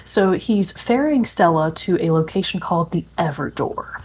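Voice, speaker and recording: A woman's voice: fairly low pitch, expressive, moderate pace, darkish tone, slight background noise. A woman co-hosting a podcast, chatting enthusiastically about video games with many fillers. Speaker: podcast co-host. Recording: dull lo-fi audio.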